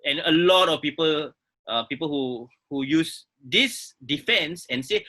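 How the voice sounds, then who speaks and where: Bright-voiced man, rambling. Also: on the high side, unhurried. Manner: rambling with many fillers, frank. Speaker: podcast co-host. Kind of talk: casual podcast discussion.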